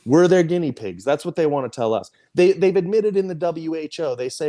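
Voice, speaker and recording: A man's voice: on the high side, expressive, fairly quick, few pauses, mellow. A man, a podcast host, venting emphatically with lots of swearing in casual group talk. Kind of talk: heated casual chat.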